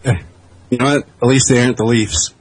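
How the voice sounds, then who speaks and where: Easygoing man, relaxed guest chatter. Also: mid-range voice, a little fast, slight background noise, poor audio. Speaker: podcast guest. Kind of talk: casual chat.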